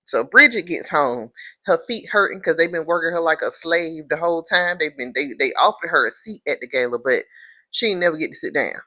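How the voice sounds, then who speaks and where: A woman giving a casual recap of a TV episode, sassy and animated, calling the listener honey and girl, and jumping into high-pitched impressions of the characters. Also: fairly quick. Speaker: TV episode reviewer.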